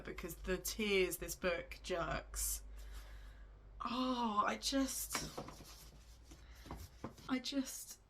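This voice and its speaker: A young woman book vlogger with a fairly low, sharp-toned voice chats casually about her books. She gushes and often breaks off and restarts in the middle of sentences.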